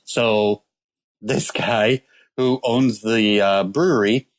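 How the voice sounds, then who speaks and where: A man's voice: lowish voice, steady tone, slow pace. A man co-hosting a casual podcast, telling a rambling story about a beer with lots of ums and uhs. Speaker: podcast co-host presenting a beer. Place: calling in from abroad.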